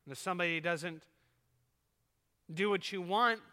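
A pastor preaching to his church, his voice high for a man and very bright and forceful. He delivers the sermon earnestly, letting his volume climb and fall. The sound carries a long echo from the church hall. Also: normal speed, clean tone. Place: church sanctuary.

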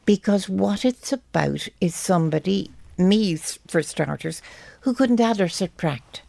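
An older Irish woman, an author being interviewed on radio, telling anecdotes in a brisk, wry way. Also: mid-range voice, creaky, mellow, dry recording. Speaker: author guest.

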